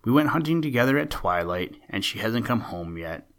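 A man's voice: fairly low pitch, lively intonation, normal speed. A man voicing a grumpy, proud great horned owl. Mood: complaining. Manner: fretful, grumbling.

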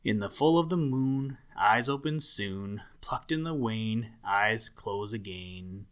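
A man doing Doctor Muskrat, gruff old marsh doctor. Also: fairly low pitch, animated, slow, fairly bright tone. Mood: bossy. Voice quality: gruff, growling. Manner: severe and bossy.

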